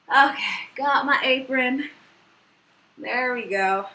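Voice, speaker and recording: On a rough recording, a young woman with a high, sharp voice speaks at a measured pace while running a baking livestream in her kitchen. As a home cooking host she keeps the chat casual and bubbly, breaking into laughter often.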